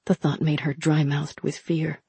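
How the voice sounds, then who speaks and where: A woman narrating a novel in a steady, measured reading. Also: deep voice, husky, no room sound. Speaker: audiobook narrator. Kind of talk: scripted narration.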